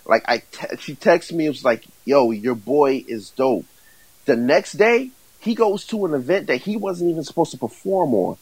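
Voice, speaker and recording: A man being interviewed about the artists he manages, stumbling through restarts before warming into an eager sales pitch. His voice is a little high for a man. The sound is dry and close to the mic. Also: lively intonation, husky, dry recording, rough recording. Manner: halting, many fillers and restarts, then builds to enthusiastic pitching. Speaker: music management company owner, guest. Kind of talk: casual interview answers.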